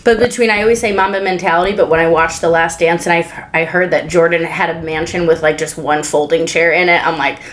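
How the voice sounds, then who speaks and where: Blunt, opinionated woman with a lowish voice. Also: steady tone, fairly quick, few pauses, slight background noise. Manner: opinionated, blunt, filler-heavy. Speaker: podcast guest. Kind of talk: casual sports chat.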